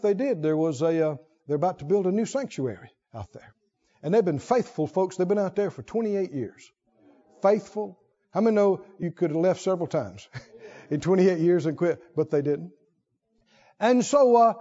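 A man with a strikingly high voice preaches to his congregation in a dull, lo-fi church recording. He tells his story in a folksy, rambling way and keeps building up to shouts of excitement. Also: husky. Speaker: pastor. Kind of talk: sermon. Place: church sanctuary.

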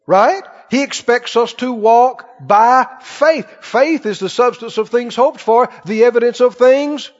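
A man's voice: extremely high pitch, a little slow, hardly any pauses. A man preaching a sermon to a congregation, telling folksy stories and often asking them "Right?". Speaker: pastor. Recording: dull lo-fi church recording with long reverb.

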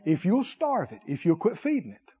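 A man preaching a sermon, animated, with call-and-response and comic asides. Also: high voice, moderate pace, husky, big-room sound, dull audio.

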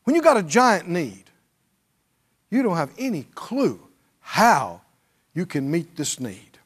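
A man's voice: high voice, very animated, takes it slowly. A male pastor preaching a sermon, drawing on the congregation and mimicking pleading prayers.

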